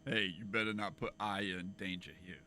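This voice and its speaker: A man's voice: on the low side, steady tone, moderate pace, bright, forceful tone, slight background noise. A man giving rambling, joking commentary while streaming a game. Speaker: gaming streamer. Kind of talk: casual playthrough commentary. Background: game music.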